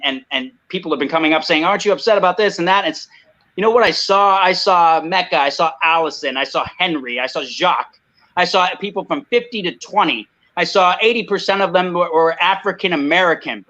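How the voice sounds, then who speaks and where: Impassioned man, high bright voice, muffled lo-fi call audio, speaks with heat and emphasis. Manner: heated, emphatic, repeats "I mean" and "you know". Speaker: guest. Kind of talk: impassioned video call talk. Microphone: video call.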